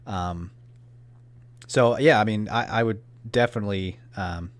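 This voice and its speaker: Low-voiced man, halting podcast chat. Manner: halting, full of restarts and fillers. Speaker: podcast co-host. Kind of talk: casual chat.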